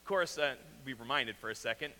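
Earnest Missouri pastor in a ringing hall. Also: male voice, medium pitch, a little fast. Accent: Southwest Missouri. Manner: earnest, repeats questions, drops to quiet emphasis. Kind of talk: sermon. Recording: reverberant hall, faint hum.

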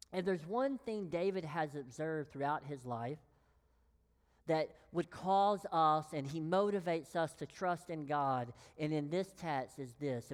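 A woman preaches a sermon in a fairly low voice, lingering on every phrase. She leans on long pauses and lets key words fall to a whisper. Her voice carries with a long reverb, as in a church hall. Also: darkish tone. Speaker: pastor.

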